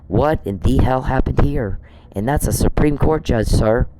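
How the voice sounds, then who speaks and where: A man's voice: mid-range voice, unhurried, noisy background. A man on a podcast, delivering an angry, profane monologue aimed straight at one person he scolds. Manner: indignant, profane, scolding someone directly.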